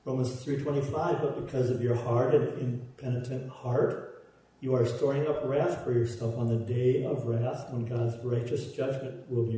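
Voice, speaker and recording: A man's voice: mid-range voice, warm tone, a little hiss or hum. A man preaching a sermon, stressing his points through repeated parallel phrases. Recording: roomy echo, voice from far off.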